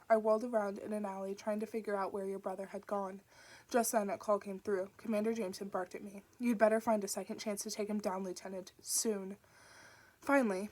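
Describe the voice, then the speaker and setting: A woman reading an audiobook aloud, narrating in an even, steady manner. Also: mid-range voice. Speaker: audiobook reader.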